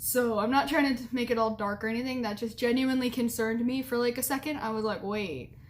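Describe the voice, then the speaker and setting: A woman's voice: on the high side, steady tone, fast talker. A young woman vlogger telling a story and giving advice in a frank, blunt, giggly way, with lots of "like".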